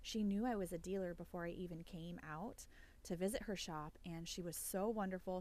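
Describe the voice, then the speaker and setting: A woman reselling vintage goods, chatting in a casual vlog, excitable and quick to get emotional. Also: fairly low pitch. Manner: excitable and gushing, easily emotional. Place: small vintage shop indoors.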